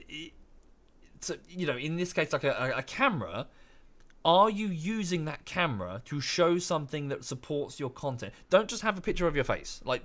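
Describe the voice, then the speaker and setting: A man's voice: a little high, fairly bright tone. A young British man talking casually on a live game stream, ranting in a rambling, self-correcting way. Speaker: streamer and YouTuber. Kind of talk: casual live-stream chat while gaming.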